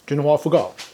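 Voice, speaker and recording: A man's voice: on the high side, heavy background noise. A man hosting a casual cooking demonstration in a kitchen, chatty and upbeat, with easy laughter. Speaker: cooking show host.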